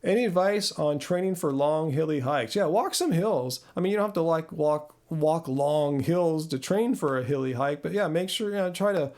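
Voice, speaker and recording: A man's voice: fairly high pitch, moderate pace, hardly any pauses, a little mellow. A man in his thirties hosting a casual live-stream Q&A, rambling and self-deprecating as he answers viewers. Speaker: host.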